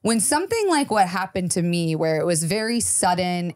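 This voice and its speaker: A woman with a fairly low voice, talking as a podcast guest in loose, animated chat. She swears freely and acts out bits of dialogue as she tells a story. The recording is close and dry, with no room sound. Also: normal speed, no room sound. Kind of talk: casual chat.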